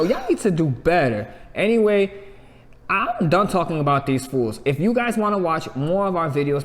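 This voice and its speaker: A man with a fairly high voice co-hosts a casual review chat, ribbing the cast and the experts one by one. His voice rings out with a long reverb, as if he were sitting in a bare, echoing room. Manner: mock-scolding, addresses people on the show directly. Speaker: co-host of a reality TV review channel.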